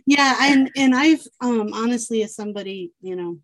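A woman's voice: a little high, moderate pace. A woman from the United States in a casual conversation, friendly and thoughtful, laughing often.

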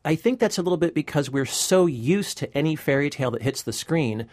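A man's voice: a little high, expressive, a little fast, a little mellow, dry recording, studio quality. A man co-hosting a movie review podcast as the critic, chatting casually and joking, laughing often.

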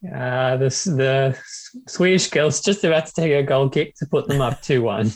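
A man's voice: medium pitch, moderate pace. A man co-hosting a podcast, making short, laid-back remarks during a casual chat. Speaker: podcast co-host.

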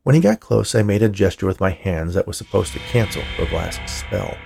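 A man reading a story aloud in a dry, measured narrating manner. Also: deep voice, lively intonation, gravelly, music in the background. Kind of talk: scripted narration.

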